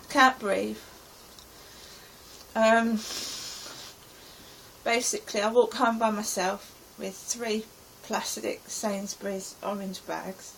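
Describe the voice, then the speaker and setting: A middle-aged woman from England recounts her stressful day in an anxious, rambling present tense. Her voice is raspy and gravelly and sits slightly high, with a faint hiss in the background. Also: a bit bright, rough recording. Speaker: vlogger. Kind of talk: personal diary account.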